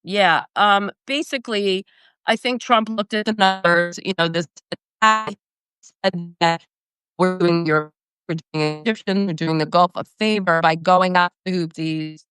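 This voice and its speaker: A woman hosting casual political commentary over a video call, talking briskly and analytically with frequent fillers. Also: on the low side, a bit bright, smooth, dry recording, studio quality, soft background music. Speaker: host.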